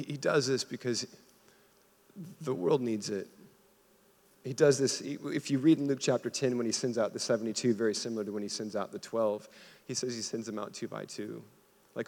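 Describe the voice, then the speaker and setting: A man's voice: lowish voice, vocal fry, a little mellow. A young man preaching a sermon, casual and conversational, calling on the congregation to answer back. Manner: casual, conversational preaching with audience call-and-response. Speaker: pastor. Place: church auditorium. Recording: long hall reverb.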